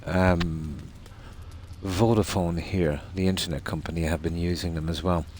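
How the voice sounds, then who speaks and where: A man's voice: low-pitched, fairly even intonation, unhurried, a little mellow, a little hiss or hum. A man streaming a game, chatting casually and telling long rambling stories. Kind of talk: casual chat while gaming.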